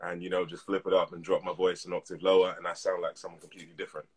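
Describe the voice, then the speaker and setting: A man in his thirties, an actor being interviewed over a live video call, talking in a relaxed, reflective way. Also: deep voice, very fast, a crowd in the background. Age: 30s. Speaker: actor guest. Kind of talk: casual interview.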